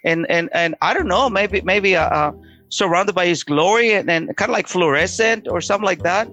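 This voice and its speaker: Earnest, halting man with a slightly high voice. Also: bright, forceful tone, lo-fi sound, faint music behind. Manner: earnest, halting, with many restarts. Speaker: storyteller sharing a personal testimony. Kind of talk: emotional personal storytelling.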